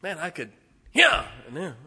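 A man pastor delivers a casual, joke-laced sermon to his congregation. His voice sits somewhat high and cuts through with a bright, forceful edge. It rings with a long reverb off a large church room. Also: huge pitch swings, normal speed. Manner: folksy, joking asides with the congregation. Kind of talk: conversational sermon. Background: congregation responding.

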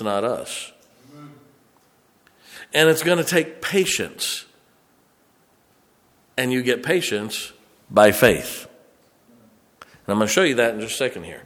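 A man preaching a sermon as pastor, rising to loud emphasis on scripture and dropping into folksy, chatty asides. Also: medium pitch, big-room sound. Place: church sanctuary.

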